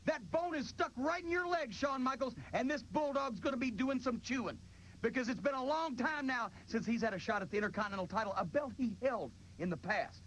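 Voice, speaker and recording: A man's voice: very high voice, a little fast, a bit bright, slight background noise, low-quality recording. Boisterous man hyping a wrestling match. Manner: boisterous, joking hype. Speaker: TV show host. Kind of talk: hyped wrestling promotion.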